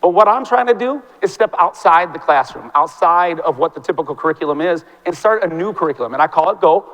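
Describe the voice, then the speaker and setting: A man in his forties, a teacher giving an animated, fast, impassioned talk on stage in a large hall. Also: on the high side. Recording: long reverb from a large hall.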